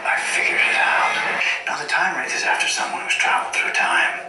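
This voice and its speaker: A man's voice: a little fast, far from the mic, heavy background noise, close to an everyday voice. An actor playing an earnest, tense man in a superhero TV drama, heard off a TV. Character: male heroes of a superhero TV drama. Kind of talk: TV drama dialogue. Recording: TV audio heard from afar in an echoey room over loud score.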